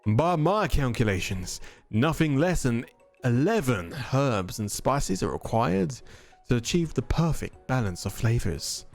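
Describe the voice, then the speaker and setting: A man's voice: mid-range voice, big pitch swings, measured pace, gravelly, soft background music. A man playing a courtly old chef with grand airs. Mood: stately. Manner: grand, formal announcer tone. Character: courtly, proud older male chef student.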